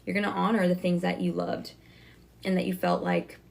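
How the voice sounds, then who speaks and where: A woman giving a casual tarot reading to her viewers, talking fast and chatty, correcting herself as she goes. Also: on the low side, flat delivery, creaky, a little mellow. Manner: talks fast, self-correcting, chatty and reassuring. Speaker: tarot reader.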